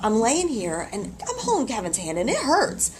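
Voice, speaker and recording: Captured on a handheld camcorder's built-in mic, a laboring woman in a hospital room, mid-contractions, recounts her story with lively exclamations and frequent laughter. Her voice is a little high, her pace moderate, and the background is noisy.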